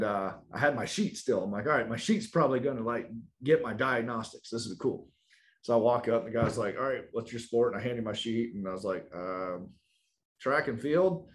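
Casual male storyteller, lower voice, animated, laughs easily, plays out every character in his anecdote. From South Carolina, US. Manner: animated, laughs often, acts out quoted lines. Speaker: guest telling a story.

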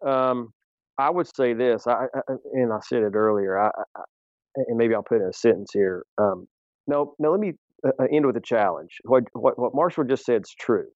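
A man's voice: medium pitch, fairly quick, a little mellow, no room sound, dull audio. A man, a guest author on a faith podcast, speaking emphatically and issuing a challenge, with frequent restarts.

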